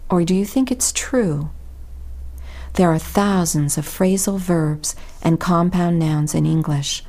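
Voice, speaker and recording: A middle-aged woman reading a scripted pronunciation lesson slowly and deliberately, stressing words with care. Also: low-pitched, dark tone. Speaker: English pronunciation teacher.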